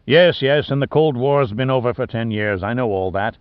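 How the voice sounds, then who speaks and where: Storybook: male reader voicing a curt, roaring sea captain, loud and gravelly, on muffled dry audio. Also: mid-range voice, moderate pace, dry recording, natural voice. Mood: gruff. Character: gruff bearded male naval captain, blustery.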